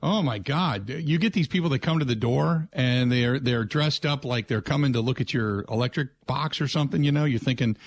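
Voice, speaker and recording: A man's voice: medium pitch, brisk, no room sound. A man hosting a sports talk radio show, chatting casually and ranting in exasperation. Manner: exasperated, ranting, animated storytelling.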